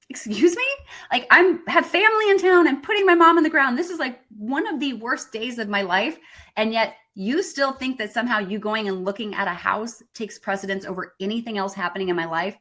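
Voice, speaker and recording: Bright-voiced woman telling lively stories. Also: medium pitch. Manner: lively storyteller, mock-indignant asides, self-correcting. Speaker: speaker giving a talk. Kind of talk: motivational talk with personal stories.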